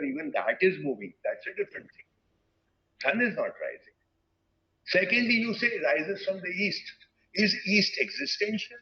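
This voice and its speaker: A man in his sixties from India, giving an earnest, reflective lecture to teachers and pausing often mid-sentence. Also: a little high, sharp tone, muffled recording. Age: 60s. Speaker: guest speaker at a teachers' webinar. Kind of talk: lecture-style talk.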